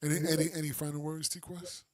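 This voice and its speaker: A man's voice: a little high, little pitch movement, fast, a little mellow. Male podcast co-host, casual slangy storyteller, acts out quotes.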